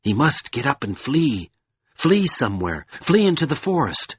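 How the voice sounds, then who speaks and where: A man narrating an audiobook in a slow, expressive reading. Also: mid-range voice, husky, no room sound, lo-fi sound.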